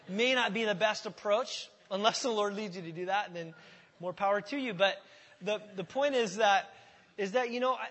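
A pastor delivers a sermon in a church, talking conversationally and posing questions to the congregation. His voice sits high with a fairly bright tone and a moderate pace, and the hall adds reverb.

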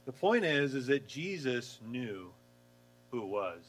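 A man preaching a casual, lively sermon, acting out the story and laughing along. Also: medium pitch, unhurried, low-quality recording. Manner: animated storytelling, acts out voices, laughs. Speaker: pastor.

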